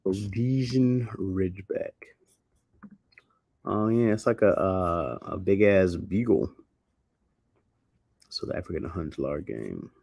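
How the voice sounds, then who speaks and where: A man's voice: low-pitched, animated, a little slow, vocal fry, long pauses, darkish tone. A man hosting a livestream, chatting casually with viewers, rambling and slangy, laughing a lot. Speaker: livestream host.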